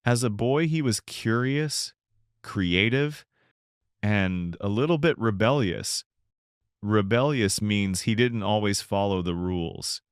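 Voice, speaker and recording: Guy co-hosting a learn-english podcast, calm and explaining, dry close mic. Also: fairly low pitch, slow, clean tone, no room sound. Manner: calm, explanatory, defines words simply. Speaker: podcast co-host. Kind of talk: scripted English-learning dialogue.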